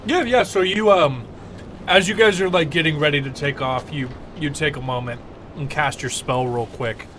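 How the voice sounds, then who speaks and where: A man's voice: a little high, normal speed, fairly bright tone, slight background noise. A man running a tabletop game as game master, narrating casually with many fillers.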